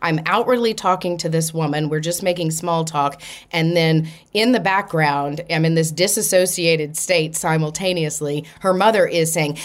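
A woman hosting a podcast, telling a personal story in an animated way and acting out the people in it. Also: mid-range voice, moderate pace. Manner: animated, acts out quoted voices. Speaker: podcast host. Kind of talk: storytelling monologue.

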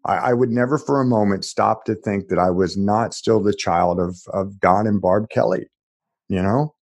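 Middle-aged male guest, deep husky voice, earnest and halting. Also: a little mellow. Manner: earnest, halting with repeated starts. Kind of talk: reflective conversation.

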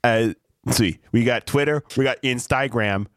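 A man's voice: medium pitch, normal speed, no echo, clean studio sound. A young man co-hosting a casual podcast, rambling and joking. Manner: rambling, jokey. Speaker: podcast co-host.

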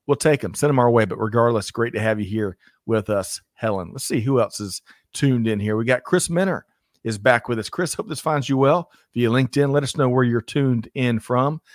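An upbeat male host with a medium-pitched voice, recorded close and dry with no room sound. He talks briskly, cracks small jokes and reads out viewer names. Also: no room sound. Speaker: livestream co-host. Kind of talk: upbeat live show banter.

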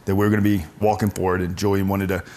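A deep-voiced man in his forties, speaking low and steady, tells a personal story to an interviewer. He is earnest and often halts and restarts his sentences. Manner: earnest, halting, with frequent restarts. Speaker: guest telling his faith story.

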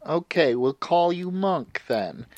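A player in a tabletop game with a blunt, deadpan way of talking. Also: mid-range voice, slow pace, dry recording.

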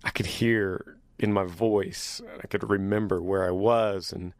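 A man hosting a casual solo podcast in an upbeat, chatty way, his voice deepened by years of singing. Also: steady tone, unhurried, no echo, studio quality. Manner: upbeat, chatty, teasing his younger self. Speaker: podcast host.

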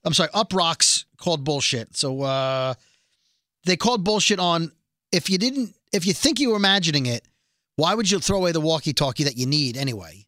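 Rambly guy on a podcast, high bright voice, really dry close sound. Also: brisk, dry recording. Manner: rambling, animated, self-deprecating nerd talk. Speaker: podcast co-host. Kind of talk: casual chat recapping a TV episode.

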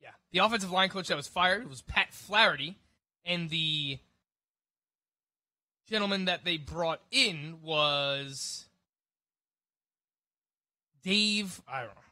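A man breaking down football news on a casual fantasy sports radio show, chatty and quick. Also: sits high, pushed and bright, dry recording. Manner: quick, chatty analysis with restarts and laughs.

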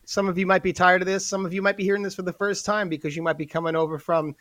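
A young man with a New York accent, co-hosting a podcast in an energetic, hyped-up chat. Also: high-pitched, rapid-fire, dry recording. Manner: energetic, hyped-up promo delivery. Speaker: podcast co-host.

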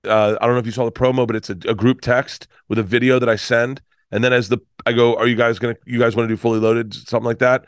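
A man's voice: mid-range voice, level tone, fast talker, few pauses, clean tone, no room sound. Middle-aged guy rambling thru a story, gets emotional, swears a lot, dry close mic. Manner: emotional, profane, rambling with restarts. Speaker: comedian guest. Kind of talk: casual storytelling.

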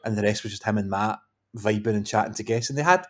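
A man's voice: lowish voice, quick pace, fairly bright tone. Man telling chatty stories. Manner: storytelling, laughs often, sweary banter. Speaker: podcast co-host. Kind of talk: casual chat.

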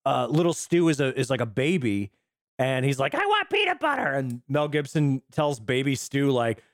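A man casually chatting about a movie as podcast co-host, animated and laughing easily. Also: mid-range voice, no echo, studio quality. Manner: animated, laughing, does quick impressions. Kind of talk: casual movie review chat.

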